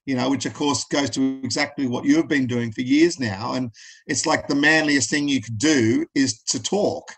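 A man's voice: mid-range voice, normal speed, creaky, fairly bright tone, breathy edge, soft background music, poor audio. A middle-aged Australian man speaking as a podcast guest, telling personal stories in an earnest, plain-spoken way. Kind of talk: candid interview talk.

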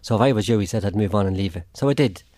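A man's voice: lowish voice, very fast, warm tone. An Irish man giving a plain spoken account as an interview guest, acting out what others said to him. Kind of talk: personal account in a radio interview.

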